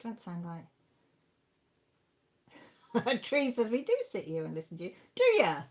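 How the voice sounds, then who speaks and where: A woman's voice: on the low side, big pitch swings, fast. A Welsh woman in her sixties, a channel host chatting casually on a live stream and reading out viewer comments in a rambling, friendly way. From Wales. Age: 60s.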